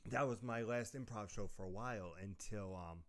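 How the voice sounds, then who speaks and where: A young man telling lively stories in a casual chat, often laughing mid-sentence. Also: on the low side, normal speed. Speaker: podcast co-host.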